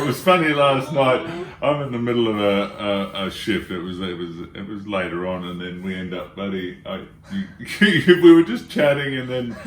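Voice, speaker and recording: A man, chatting casually with his partner and laughing as he tells a story. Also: fairly low pitch. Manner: laughing, storytelling with acted quotes. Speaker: vlogger, co-host with partner. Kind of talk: casual couple chat. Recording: echoey room, a bit far from mic, faint noise.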